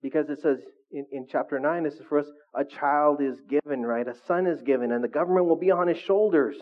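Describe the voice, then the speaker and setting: Middle-aged male pastor, chatty sermon style, higher voice, phone-like thin sound. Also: brisk. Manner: conversational preaching, asks the audience questions.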